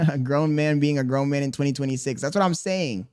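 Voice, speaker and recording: A man's voice: a little high, a little fast, darkish tone, clean tone. A young man livestreaming, talking casually and defensively to his chat, rambling and firing questions back at them.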